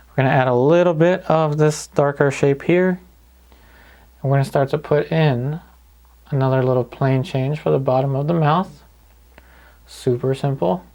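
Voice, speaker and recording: A man calmly talking through each step of a painting lesson in an easygoing way. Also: mid-range voice. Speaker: painting instructor. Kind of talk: paint-along tutorial narration.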